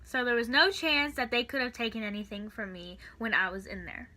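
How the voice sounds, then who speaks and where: A teenage girl telling a storytime in a casual, chatty vlog, full of "like" and "and stuff", with the odd soft aside. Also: a little high, fairly even intonation, brisk. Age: teens. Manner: chatty, filler-heavy with frequent "like" and "and stuff". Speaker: vlogger.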